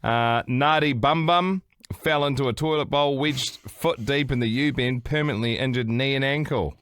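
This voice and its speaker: A man's voice: medium pitch, moderate pace, fairly bright tone, clean tone. A man co-hosting a casual podcast, reading items aloud and cracking sweary jokes. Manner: joking, sweary, reading out a list with quips. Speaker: podcast co-host.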